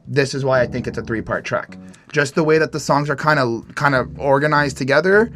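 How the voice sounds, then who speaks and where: A man's voice: mid-range voice, a bit bright. A man co-hosting a podcast, chatting loosely through an album review and reading lyrics aloud. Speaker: podcast co-host. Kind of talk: casual album review chat.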